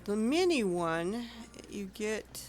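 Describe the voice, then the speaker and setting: A woman's voice: medium pitch, sing-song, slow pace, a little mellow, a little hiss or hum. A woman streaming an online game, chatting casually and rambling with frequent self-corrections. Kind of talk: casual gameplay commentary.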